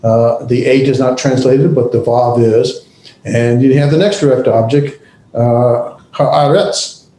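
A man teaching a class, speaking haltingly with many pauses and restarts. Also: mid-range voice, fairly even intonation, dark tone, echoey room, a little hiss or hum, rough recording. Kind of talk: classroom lecture.

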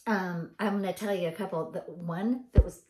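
Woman, Southern accent, rambling storyteller, low voice, echoey room. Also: fairly even intonation, moderate pace, background noise. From Arkansas, US. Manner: chatty, rambling, many ums and y'alls. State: tired. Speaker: vlogger. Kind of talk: casual storytelling.

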